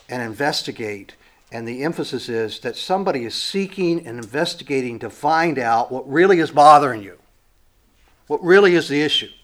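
A man preaches a sermon at a middle pitch, thinking aloud with pauses and fillers. His delivery swings from hushed, low lines to emphatic, rising phrases. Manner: reflective, with frequent fillers and pauses.

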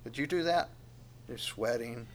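A man's voice: mid-range voice, measured pace, a crowd in the background. A man preaching a sermon in a conversational way, asking questions of the congregation and at times dropping to a near whisper. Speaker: pastor.

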